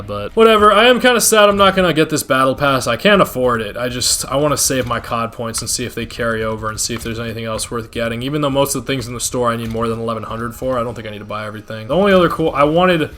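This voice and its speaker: A man's voice: mid-range voice, pushed and bright. A man rambling casually as a gaming video creator, swearing when frustrated.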